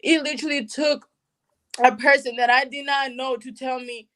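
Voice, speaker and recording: A woman from Burundi telling her personal story in an interview, emotional and animated, with casual slang. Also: on the high side, normal speed. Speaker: guest sharing personal story.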